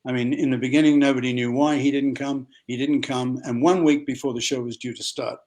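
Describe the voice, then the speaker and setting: An older man with an Australian accent, a guest actor telling lively anecdotes in an interview and acting out other people's voices. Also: medium pitch, brisk.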